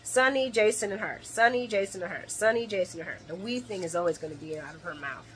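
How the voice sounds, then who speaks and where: A woman hosting a casual late-night soap opera recap vlog, animated and laughing often as she acts out characters' lines. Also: medium pitch, quick pace, a little hiss or hum.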